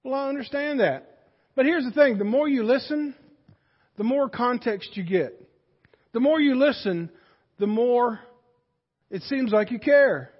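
High-voiced man preaching in a hall. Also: measured pace, pauses often, breathy edge. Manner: folksy storytelling preacher, rising to loud emphasis. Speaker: pastor. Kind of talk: sermon. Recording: dull sound with long hall reverb.

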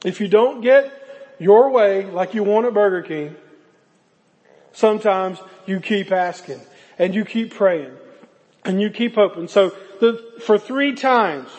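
A man's voice: high-pitched, measured pace, a little mellow, big-room sound. A man preaching a sermon, retelling a scripture story dramatically and earnestly. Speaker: pastor.

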